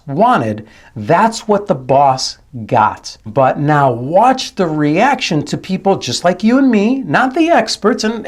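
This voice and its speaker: A man working as a dialect coach, explaining things and mimicking accents to make his points. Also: a little high. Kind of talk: video analysis commentary.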